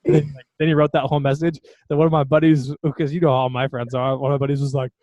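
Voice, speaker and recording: A man's voice: mid-range voice, flat delivery, racing, a little mellow, dry recording, highs cut off. A man co-hosting a podcast, telling a story in a loose, laughing way with lots of fillers. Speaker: podcast co-host. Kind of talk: casual chat.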